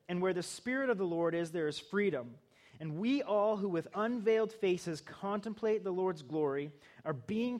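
High-voiced male pastor preaching. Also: darkish tone. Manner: conversational preaching with rising emphatic bursts. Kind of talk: sermon.

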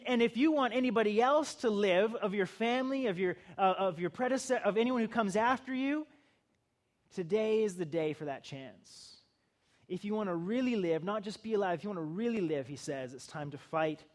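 A middle-aged male pastor giving a conversational sermon, building to emphatic bursts. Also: sits high.

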